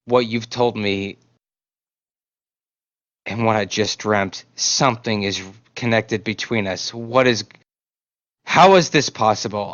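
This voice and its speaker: A man's voice: medium pitch, a bit bright, dry recording, close to an everyday voice. A man playing a shaken human fighter. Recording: dull lo-fi audio.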